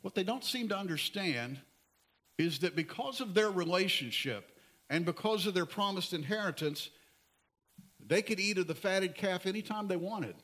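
A man preaching a sermon as pastor, earnest and pleading, at times dropping to soft emphasis. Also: sits high, expressive, normal speed.

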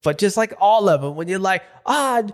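A man hosting a motocross recap show, talking in a loose, slangy, animated way with loud bursts and low asides. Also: brisk. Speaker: motocross podcast host. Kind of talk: casual race recap commentary.

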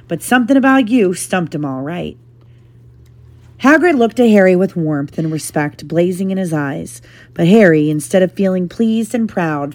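A woman with a slightly low voice reads a novel aloud to her child. She tells it in a lively way and now and then breaks off for a short aside. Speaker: parent reading aloud to a child.

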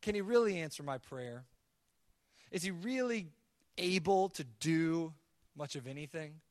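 A man's voice: on the high side, animated, a little slow, a little mellow, dry recording, clean studio sound. A man preaching a sermon as the pastor, earnest, often repeating words as he builds a point. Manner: acts out God's voice in quoted asides.

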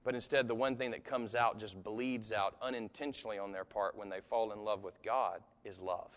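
Guy preaching, chatty sermon, gets loud on the big points, lots of hall echo. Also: lowish voice, steady tone, normal speed. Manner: conversational, with sudden emphatic rises and chuckles. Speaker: pastor. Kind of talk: live sermon. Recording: long hall reverb.

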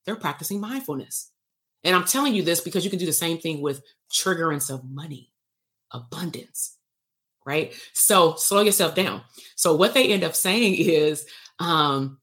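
A woman therapist teaching casually on a livestream, animated and playful, acting out exchanges and swearing lightly. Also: low voice, moderate pace. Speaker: therapist leading workshops.

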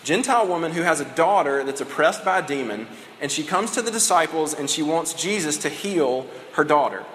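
Male pastor, fairly high voice, conversational sermon, echoey hall with a long reverb. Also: expressive, brisk, fairly bright tone, slight background noise. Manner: conversational preaching, acts out dialogue.

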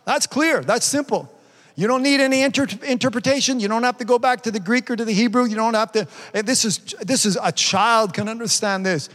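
A man's voice: very high-pitched, a little fast, fairly bright tone. An older man preaching a fervent sermon as pastor, constantly punctuating his points with "amen" and "praise God.". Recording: long reverb in a large hall.

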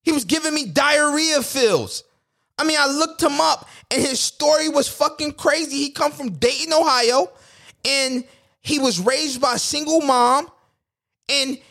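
A man's voice: very high voice, a little slow, gravelly, pushed and bright. A man, hosting a podcast in a blunt, profane, rambling rant. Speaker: podcast host. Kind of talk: casual political rant.

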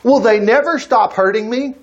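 A man's voice: extremely high pitch, normal speed, lo-fi sound. A man teaching from the Bible in a casual, conversational way, reading passages aloud and acting out the characters' lines with chuckles and asides. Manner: animated, reads scripture aloud and acts out the characters' lines; chuckles and breaks off to comment mid-reading.

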